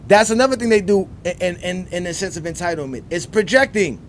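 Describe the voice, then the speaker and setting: A man hosting a sports debate show, ranting emphatically and repeating himself, swinging from loud outbursts to low muttering. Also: expressive, fairly quick, slight background noise. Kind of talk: ranting commentary.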